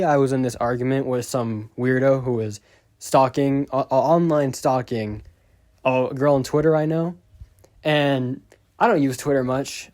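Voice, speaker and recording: Brief: male YouTuber, mid-pitched voice, loose rambling storytime delivery, exasperated and profane. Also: a little mellow. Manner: rambling, exasperated, swears freely. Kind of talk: casual storytime rant.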